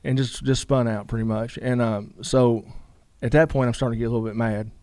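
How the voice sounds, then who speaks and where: A man's voice: mid-range voice, steady tone, a little fast, dark tone, no echo. A man, a guest telling a long story in a casual interview, rambling with lots of "you know" asides.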